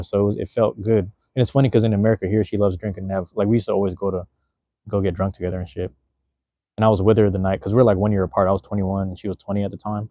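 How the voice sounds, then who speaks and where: A man's voice: lowish voice, level tone, very fast, no echo, highs cut off. A young man in his twenties hosting a livestream, chatting loosely with viewers in rambling, profane slang from a room at home. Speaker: livestream host. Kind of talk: casual livestream chat reading viewer comments.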